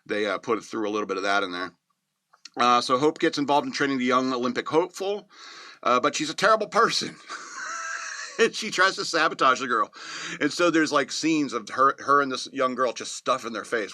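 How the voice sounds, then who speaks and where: A man hosting a casual movie review show, rambling and joking, often laughing at his own remarks and slipping into quick mock voices for scenes. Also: medium pitch, animated, bright, forceful tone, no echo. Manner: slips into quick mocking voices to act out scenes. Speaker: movie reviewer, podcast host.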